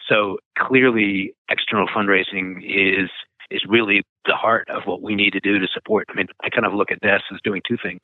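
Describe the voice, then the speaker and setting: A man's voice: lowish voice, fairly even intonation, normal speed, no room sound. Man telling stories over a tinny phone line. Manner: rambling with frequent fillers and restarts. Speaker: nonprofit founder, interview guest. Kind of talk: conversational storytelling.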